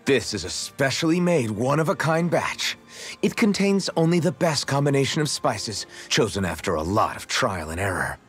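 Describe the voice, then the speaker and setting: A man's voice: medium pitch, moderate pace, faint music behind. An actor playing an earnest young male swordsman who proudly shows off his cooking, in a video game. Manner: eager, proud, lively.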